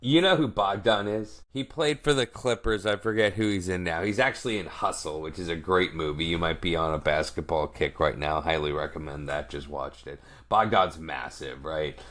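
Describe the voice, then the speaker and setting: Brief: man, co-host, very deep voice, rambling and joking. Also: moderate pace, few pauses, a bit bright. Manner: rambling, jokey tangents. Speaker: podcast co-host. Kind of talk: casual chat.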